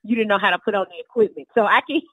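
A woman's voice: medium pitch, racing, slightly rough, dry recording, narrow, tinny audio. A woman co-hosting an interview, reacting in a chatty and amused way. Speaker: co-host. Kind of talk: casual interview chat.

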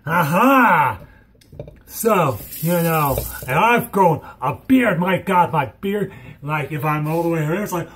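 A young man rambling in a hyper, giddy vlog monologue, swinging between squeals and low mutters. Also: expressive, slow, a bit bright. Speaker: vlogger.

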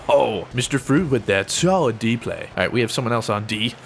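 Excitable young man commentating gameplay. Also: mid-range voice, normal speed, vocal fry, a little hiss or hum. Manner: excitable, self-mocking, yelps and laughs at plays. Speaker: gaming YouTuber.

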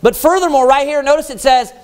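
A man preaching a Baptist sermon, asking rhetorical questions and slowing down to read scripture. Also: extremely high pitch. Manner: emphatic, rhetorical questions, slows down for scripture quotes.

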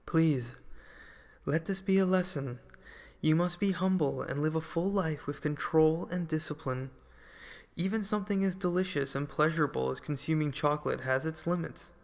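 A man voicing a wise, calm king who speaks with gentle firmness in a children's storybook. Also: on the high side, normal speed, gravelly. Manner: gently firm, commanding.

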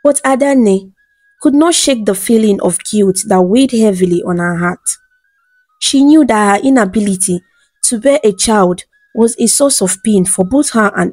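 A woman narrating a bedtime folktale in a smooth, even storytelling read. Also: medium pitch, no room sound.

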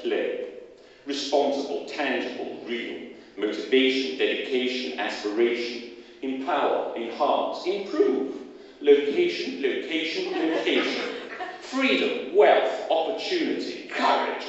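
A man delivers satirical verse in a quick, rhythmic, mocking patter, his pitch bouncing animatedly. He is heard from a distance in a large hall with a long echo. The sound is dull and muffled. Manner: rapid-fire rhythmic list delivery, mocking. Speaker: performance poet. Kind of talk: live satirical poetry performance. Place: large echoey hall at a public meeting. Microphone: distant from the recording mic. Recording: echoey hall, far off, dull audio.

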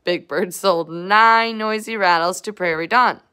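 A woman's voice: mid-range voice, a little slow, pushed and bright, smooth. A woman reading a picture book aloud to children, adding chatty asides to her young listeners. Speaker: storybook reader.

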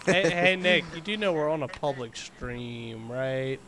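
A young man chats casually over a game stream in a high, animated voice. His tone is bright and sharp, and he protests quickly whenever his friends rib him. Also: a little hiss or hum. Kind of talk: casual gaming chat.

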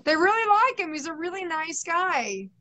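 A woman's voice: extremely high pitch, big pitch swings, moderate pace, sharp tone, poor audio. A woman psychic medium giving a live reading, soothing and chatty, often repeating herself.

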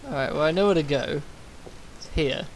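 A woman's voice: sits low, moderate pace, low-quality recording. A woman giving chatty, wry commentary as she plays through a game. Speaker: gamer. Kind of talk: let's play commentary.

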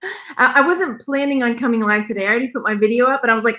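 Bright high-voiced chatty woman host. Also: fast talker. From Texas. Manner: rambling, chatty, laughs often. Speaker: jewelry reseller, channel host. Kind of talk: live-stream chat with viewers.

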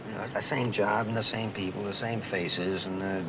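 A man's voice: mid-range voice, sing-song, fairly quick, close to an everyday voice. An actor playing a bored, restless suburban advertising man who talks in a wry, rambling way, in a 1960s film comedy. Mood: glum. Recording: old film soundtrack with hiss.

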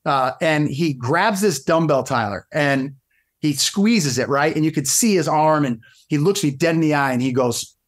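At a normal speed and with a slightly high voice, a middle-aged man, a guest fitness coach on a podcast, shares stories in a casual interview. His animated telling keeps jumping back as he restarts sentences along the way.

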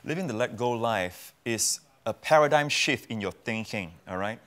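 Male pastor, mid-pitched, emphatic, preaching as a guest in a TV studio interview. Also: lively intonation, moderate pace, a bit bright. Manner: emphatic, repeats phrases for effect. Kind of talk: preaching in a talk show interview.

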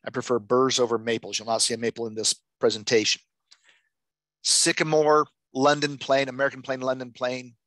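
A man's voice: mid-range voice, steady tone, brisk, a bit bright, no room sound. A middle-aged man, an extension agent, giving a practical, plainspoken presentation on plants for wildlife, with frequent restarts. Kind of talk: educational presentation.

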